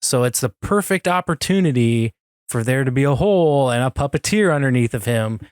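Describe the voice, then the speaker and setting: A man in casual podcast conversation, talking with eager fan excitement and laughing often. His voice is close and dry, with no room sound. He fills his talk with lots of "like"s. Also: mid-range voice, a little fast, smooth, no room sound. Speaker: podcast co-host.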